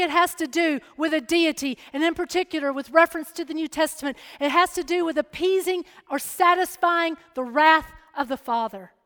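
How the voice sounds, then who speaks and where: A woman delivers a sermon with a very high voice. She shifts from a relaxed personal story into loud, emphatic preaching. Her words ring out with a long hall reverb. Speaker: speaker at a church or chapel.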